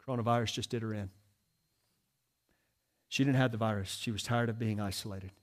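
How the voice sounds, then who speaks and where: A man's voice: fairly low pitch, steady tone, brisk. A man preaching a sermon as a pastor, in an earnest, emphatic manner with repeated exhortations.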